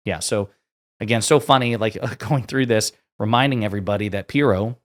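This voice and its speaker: A man with a slightly low voice hosts online political commentary. He reads quotes aloud, then adds blunt, sarcastic asides in a casual, offhand way. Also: brisk.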